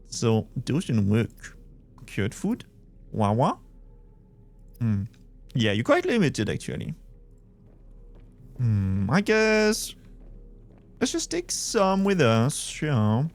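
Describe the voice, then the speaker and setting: A man's voice: medium pitch, huge pitch swings, takes it slowly, long pauses. A young man with a Belgian French accent, chatting casually as he streams a game and answers his chat. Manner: chatty, thinks aloud, reads chat. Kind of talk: casual gameplay commentary.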